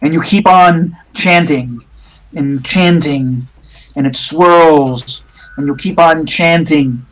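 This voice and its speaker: Slow, hesitant game master. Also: male voice, fairly high pitch, fairly bright tone, rough recording. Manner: slow, hesitant, many fillers. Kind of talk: narrating a tabletop horror game.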